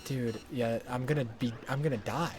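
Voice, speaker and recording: A man's voice: mid-range voice, moderate pace, music in the background. A man streaming a game live, swearing and talking back at the game in exasperated bursts. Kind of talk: live gameplay commentary.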